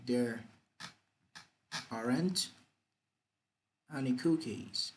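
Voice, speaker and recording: A man's voice: medium pitch, very slow, a little mellow, a little hiss or hum, poor audio. A man teaching English grammar, repeating example sentences with exaggerated rising and falling intonation. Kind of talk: grammar lesson.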